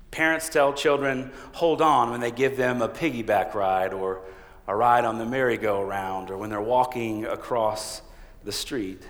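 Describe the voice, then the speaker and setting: A man's voice: mid-range voice, fairly bright tone. A man preaching a sermon as a pastor, conversational and humorous, often laughing. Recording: reverberant hall.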